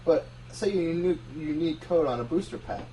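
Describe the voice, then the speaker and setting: Man co-host, higher voice, blunt and sweary, heard from a bit away. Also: expressive, moderate pace, dark tone, recorded from a distance, slight background noise, rough recording. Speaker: podcast co-host. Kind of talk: casual chat.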